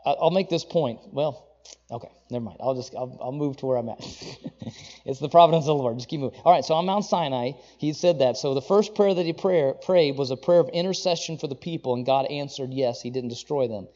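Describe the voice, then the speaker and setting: A man's voice: medium pitch, fast, mellow, lo-fi sound. A man preaching a sermon in a conversational, self-correcting way, rising into emphatic quotations of scripture.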